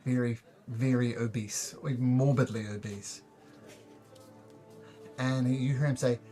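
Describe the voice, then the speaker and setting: A man's voice: medium pitch, fairly even intonation, unhurried, soft background music. A man narrating a tabletop game as game master, in a loose, jokey way.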